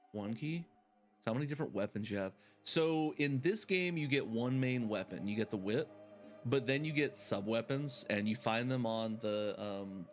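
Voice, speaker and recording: A man giving casual, chatty commentary while playing a video game, thinking aloud and laughing often. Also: mid-range voice. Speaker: game streamer. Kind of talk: casual let's-play commentary.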